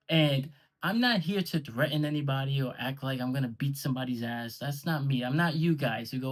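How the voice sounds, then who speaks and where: A man's voice: medium pitch, brisk. A man delivering a confrontational, sarcastic and profane callout rant to the camera about a league he runs. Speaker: online league owner.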